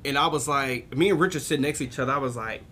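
A man's voice: medium pitch, racing, bright, forceful tone, slight background noise. A young man telling a rowdy story in casual chat, laughing often and mimicking the people he quotes. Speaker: podcast co-host telling a story.

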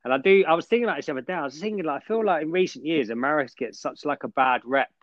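A young man in casual chat, talking in an animated way with slangy asides. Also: a little high, racing, no echo. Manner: animated, says mate and man. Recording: dull lo-fi mic.

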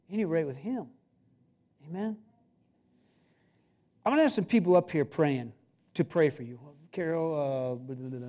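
A man's voice: fairly high pitch, warm tone. A man preaching a sermon as pastor in a church, emphatic and pleading. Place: church sanctuary.

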